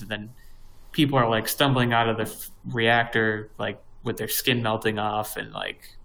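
A young man talks casually on a podcast, wandering through his points and restarting sentences. His pitch sits at an ordinary middle level and his delivery stays loose and conversational. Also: steady tone, normal speed, creaky, a bit bright, low-quality recording. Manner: rambling, many fillers and restarts. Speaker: podcast co-host. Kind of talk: casual chat.

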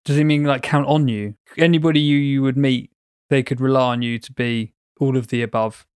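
A man's voice: mid-range voice, steady tone, fairly quick, a little mellow, clear, resonant tone, no echo, clean studio sound. Wry man bantering. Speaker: podcast co-host. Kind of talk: casual chat.

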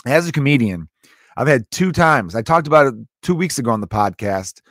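A man's voice: mid-range voice, expressive, a little fast, fairly bright tone, no echo, studio quality. A man hosting a podcast, a comedian recapping a story in a rambling, profane, self-interrupting monologue. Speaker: podcast host.

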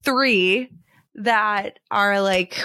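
A podcast co-host chats casually while reviewing a movie, using lots of "like" fillers and playful mockery. Her mid-range voice moves very slowly with a sharp tone, and there's no room sound.

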